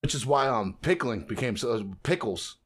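A man in casual podcast chat, retelling a comic story with lots of swearing and quick bits of character voices. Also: medium pitch, lively intonation, breathy edge. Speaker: podcast co-host.

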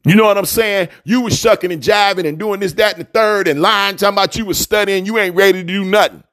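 A man's voice: high voice, quick pace, a bit bright, faint music behind. A man hosting a motivational radio talk. He preaches in a fiery, slangy cadence, calls his listeners family, and repeats his key lines for emphasis.

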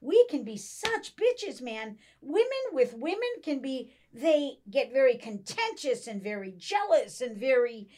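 A middle-aged woman chatting casually, telling animated stories and acting out quoted voices. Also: high-pitched, a little slow, hardly any pauses. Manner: animated storyteller, acts out quotes. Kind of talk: casual chat.

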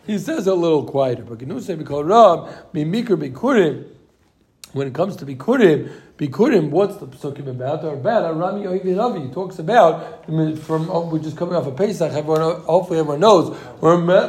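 A man leads a casual Talmud class, blending English with Hebrew and Yiddish terms and repeating himself as he works through the text. His voice is high-pitched and a little mellow.

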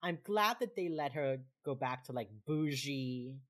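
A woman's voice: extremely low pitch, animated, measured pace. A woman co-hosting a casual chat about a TV episode, acting out the characters' lines and swearing freely. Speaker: podcast co-host.

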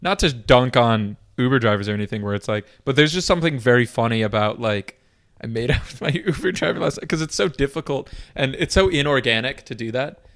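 A man's voice: medium pitch, a little fast, fairly bright tone. A man co-hosting a podcast, chatting casually and joking playfully with his co-host. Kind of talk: casual chat.

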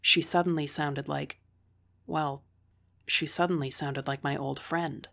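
A woman's voice: deep voice, steady tone, a little slow, creaky, fairly bright tone. A woman reading a first-person story aloud in a dry, wry manner. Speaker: narrator.

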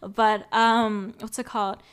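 A woman's voice: mid-range voice, level tone, slow pace, clear, resonant tone. A young woman chatting casually as a podcast guest, rambling with lots of fillers. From Canada. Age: young adult. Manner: rambling, heavy use of fillers and "type of deal". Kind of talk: casual chat.

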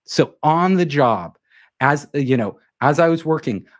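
A man telling an anecdote in a casual interview, animated and acting out the quoted dialogue. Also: a little high, unhurried. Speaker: guest telling a career story.

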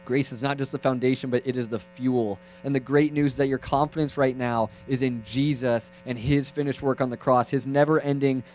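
A young man preaching a lively, conversational sermon that swings from loud to hushed, with playful asides. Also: mid-range voice, brisk, few pauses, soft background music, rough recording.

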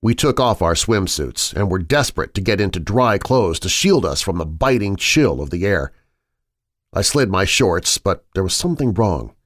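Low-voiced man narrating a horror tale. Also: very animated, dry recording, studio quality. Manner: measured, suspenseful storytelling. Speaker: horror podcast host and narrator. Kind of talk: scripted horror story narration.

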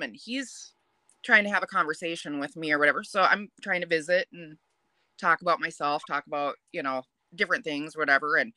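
A young adult woman telling a dating story on a podcast in a chatty, lively way. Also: low voice, no room sound. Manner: chatty, animated, laughs while telling. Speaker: podcast guest. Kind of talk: casual storytelling.

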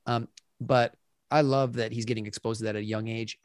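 A man hosting an interview, chatting casually and telling lively stories full of fillers. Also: medium pitch, fairly quick, no echo, studio quality. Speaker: podcast host.

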